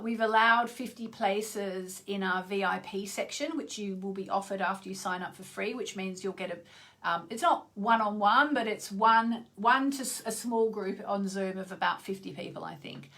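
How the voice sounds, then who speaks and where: Woman, astrologer, casual vlog talk, rambling asides, mid-pitched, gravelly. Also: pushed and bright. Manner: chatty, rambling, many asides. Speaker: astrologer hosting her own channel.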